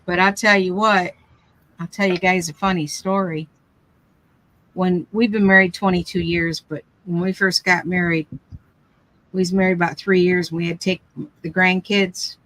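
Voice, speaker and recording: An older woman hosts a casual craft live stream, chatting and telling rambling family stories full of restarts. Her voice is fairly low and fairly bright, with little pitch movement and a moderate pace, and the recording quality is low.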